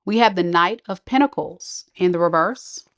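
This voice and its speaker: A woman's voice: on the low side, normal speed, a bit bright. A woman giving a live tarot reading, chatty and slangy, laughing often and talking straight to her viewers. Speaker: tarot reader.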